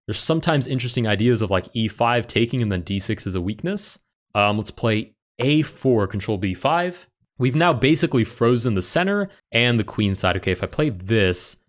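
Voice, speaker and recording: A man with a lowish voice talks through his own speed chess game into a desk microphone. He thinks aloud move by move and breaks off into quick startled exclamations when something goes wrong. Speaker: chess streamer. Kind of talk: live game commentary.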